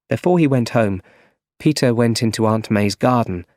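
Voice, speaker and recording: A man narrating a story for English learners in a clear, measured reading. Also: medium pitch, darkish tone, dry recording. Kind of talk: slow scripted story narration. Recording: dry close recording.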